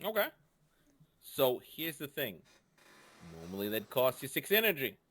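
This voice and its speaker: Lively, playful male game master. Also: mid-range voice, unhurried. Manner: playful, teasing, sing-song. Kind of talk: running a tabletop game session.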